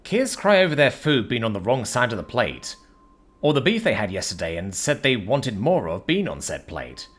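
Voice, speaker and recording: A man's voice: mid-range voice, very animated, moderate pace, a bit bright, slightly rough. A man voicing a cocky, cheerful male human adventurer who talks in a breezy, teasing way.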